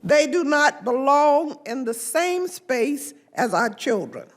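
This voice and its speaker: Older woman legislator, high lively voice, slow emphatic delivery at a press event. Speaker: congresswoman. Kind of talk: press conference speech.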